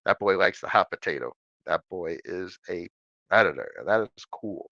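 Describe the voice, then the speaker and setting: Answering viewers' questions from his home desk, a middle-aged man runs a casual livestream Q&A, reading each question aloud in a chatty, animated way. His voice sits low at a moderate pace. The audio is dull, with no echo.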